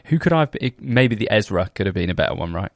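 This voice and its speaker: A man's voice: fairly low pitch, very animated, quick pace, no room sound, clean studio sound. A young British man co-hosting a podcast, telling funny stories in casual chat and swearing freely. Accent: British English. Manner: swears freely, laughs at his own stories. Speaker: podcast co-host.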